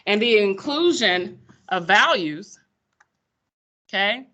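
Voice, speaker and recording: A woman teaching math in a classroom, lively and folksy, teasing her students as she explains. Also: mid-range voice, takes it slowly, lo-fi sound. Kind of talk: classroom lecture.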